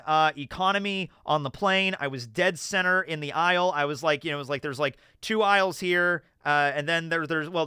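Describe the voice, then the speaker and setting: Chatty American guy, bright crisp voice. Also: a little high, no room sound, studio quality. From United States. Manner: rambling, animated storytelling with many fillers. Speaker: streamer reading chat questions. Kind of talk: casual livestream chat.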